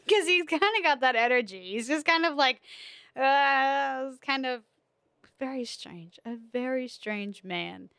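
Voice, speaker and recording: Chatty laughing young woman, smooth and close. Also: sits high, lively intonation, slow, fairly bright tone, dry recording. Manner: chatty storytelling with frequent laughs and fillers. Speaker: podcast host. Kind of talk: casual solo chat.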